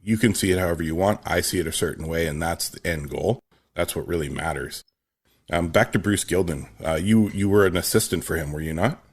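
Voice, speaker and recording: A man hosting a podcast, talking in a relaxed, conversational way with filler ums as he asks his guest questions. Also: low-pitched, brisk, breathy edge. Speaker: podcast host. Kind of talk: casual interview conversation.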